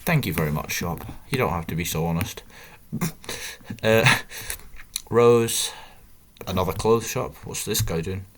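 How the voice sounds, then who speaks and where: A man's voice: low-pitched, expressive, unhurried. A young man, chatting casually and putting himself down while thinking aloud over a game. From northern England. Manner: chatty, self-deprecating, thinks aloud with muttered asides. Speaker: gaming video host. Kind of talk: casual gameplay commentary.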